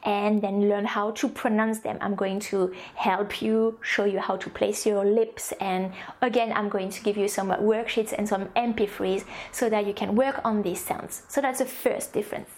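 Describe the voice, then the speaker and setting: A woman's voice: medium pitch, flat delivery, moderate pace, few pauses, darkish tone. A woman with a French accent, a native French speaker, teaching a recorded language course. She explains step by step, with many ums and restarts. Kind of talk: recorded online course lesson.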